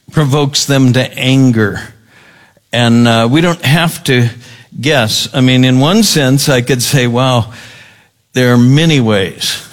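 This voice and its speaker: A man preaching a sermon as pastor, deliberate and emphatic, often repeating key words. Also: mid-range voice.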